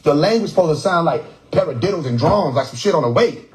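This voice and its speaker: A man's voice: on the high side, animated, quick pace, poor audio. Profane joking man on a livestream. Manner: profane, joking, repeats words to mimic tones. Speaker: livestream host. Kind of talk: casual livestream talk. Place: indoors, phone livestream. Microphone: phone.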